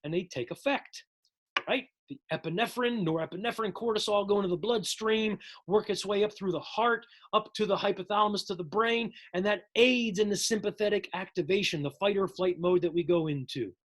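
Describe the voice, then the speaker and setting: A man's voice: high-pitched, brisk. A man teaching a psychology lesson in a casual, jokey recorded lecture, addressing his viewers as folks.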